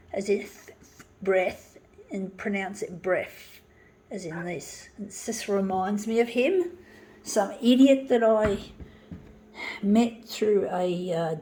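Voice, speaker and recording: A woman's voice: medium pitch, poor audio. A middle-aged woman vlogging in a blunt, ranting way and swearing freely as she chats while photocopying, with a photocopier's mechanical noise behind her. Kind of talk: casual chat while photocopying.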